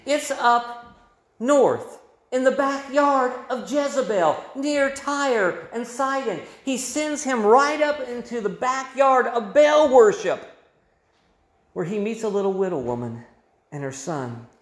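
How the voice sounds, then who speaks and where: A man's voice: very high-pitched, expressive, slow pace. A male pastor preaching a sermon with emphatic delivery, his voice swelling and dropping. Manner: emphatic preaching with rising and falling volume. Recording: roomy echo.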